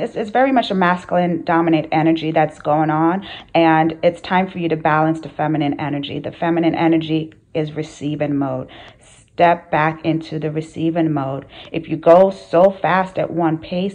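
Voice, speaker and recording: A woman's voice: lowish voice, a little mellow, rough recording. A woman hosting her channel, speaking earnestly to camera in a casual motivational talk, with repeated phrases and rhetorical questions. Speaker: spiritual coach and channel host.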